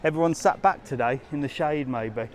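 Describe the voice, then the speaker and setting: A man whose voice sits on the high side, speaking at normal speed, hosts a casual live walking tour outdoors on a resort street. This travel vlogger and live-stream host is chatty and easygoing, addressing viewers directly and reading their comments out loud.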